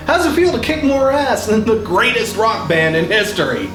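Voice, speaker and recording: A man's voice: sits high, sing-song, moderate pace. A man hosting a comedy sketch, manic and giddy, swearing and laughing as he rants. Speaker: album review host. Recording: echoey room with music playing.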